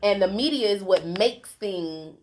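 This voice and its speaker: A woman's voice: mid-range voice, expressive, measured pace, slight background noise. A woman hosting a casual podcast chat, laughing easily and talking her points through aloud. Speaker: podcast host.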